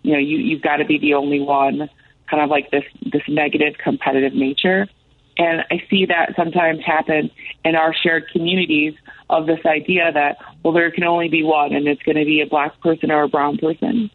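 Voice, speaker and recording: A woman's voice: deep voice, flat delivery, a little fast, no room sound, phone-quality sound. A woman guest on a talk show, speaking emphatically and repeating lines for rhythm. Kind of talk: impassioned talk show discussion.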